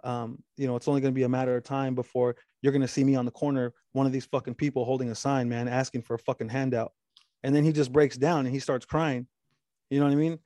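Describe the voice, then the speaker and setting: A man's voice: little pitch movement, quick pace, mellow, no echo, clean studio sound. Man telling a story with profanity. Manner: rambling storytelling with frequent profanity and restarts; quotes the other man at length in a low voice. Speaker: storyteller in casual talk. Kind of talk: casual chat.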